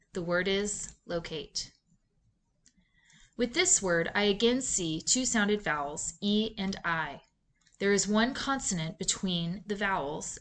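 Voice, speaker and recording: Measured woman narrating a reading lesson. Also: mid-range voice, fairly bright tone. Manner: clear, measured, deliberate teaching delivery. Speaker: literacy instructor. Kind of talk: scripted instructional narration.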